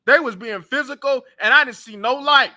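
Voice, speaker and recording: A young man with an extremely high, sharp voice hosts a sports talk show at a normal pace. He rants casually and bluntly about his team, trash-talking its players in an offhand reaction style.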